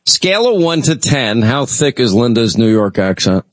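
A man's voice: mid-range voice, very animated, normal speed, a little hiss or hum. A man hosting a call-in radio show, telling rambling, chatty stories with lots of restarts. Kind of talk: casual talk radio chat.

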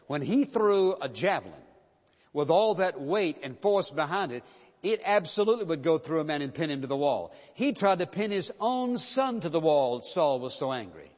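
A man preaching a sermon, reading verses aloud and then turning to ask his congregation pointed questions. His voice sits a little high for a man. It comes through dull and lo-fi, with a long reverb trailing off in a big church sanctuary. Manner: expository preaching, reads scripture then challenges hearers.

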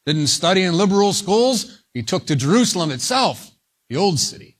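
A man preaching a sermon, speaking slowly and deliberately and leaning hard on single words for emphasis. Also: sits high, very animated. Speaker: pastor.

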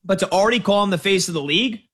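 Animated high-voiced sports radio host. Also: male voice, rapid-fire, husky. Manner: animated, jokey storytelling, mock outrage. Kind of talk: casual sports talk radio.

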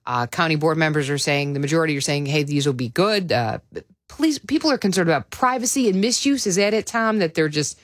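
A woman's voice: deep voice, lively intonation, a little fast, dry recording. A woman with a Chicago accent hosting a radio show, chatting casually and reading out listener texts in a studio. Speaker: radio host. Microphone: studio mic.

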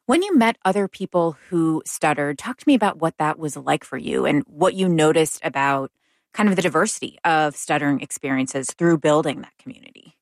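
Female interviewer, low voice, inviting questions. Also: lively intonation, a little fast, dry recording, studio quality. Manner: curious, inviting. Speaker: interview host.

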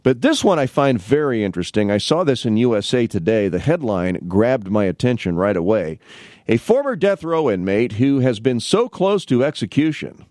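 A man's voice: mid-range voice, sing-song, normal speed, a little mellow, no echo. A man filling in as host on a local radio talk show, chatting casually with rambling restarts and wry asides from a studio mic.

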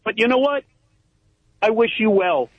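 A man calling in to a radio show, calmly offering advice to the host. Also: sits high, normal speed, husky, dry recording, dull audio. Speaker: caller. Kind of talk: call-in talk.

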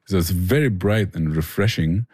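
A man's voice: low-pitched, normal speed, a little mellow. A man, a barbecue restaurant owner answering interview questions earnestly and enthusiastically, often restarting his phrases.

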